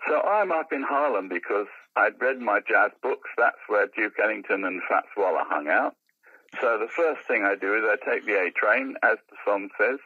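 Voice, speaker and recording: Animated older raconteur, husky. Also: male voice, fairly low pitch, normal speed, dry recording, phone-quality sound. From London. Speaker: podcast guest, musician and comedian. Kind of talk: anecdotal storytelling in casual chat.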